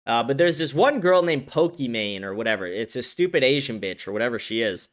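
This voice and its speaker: A man's voice: mid-range voice, lively intonation, fairly quick. A man hosting a live-stream show, ranting bluntly in casual commentary, heavy on profanity.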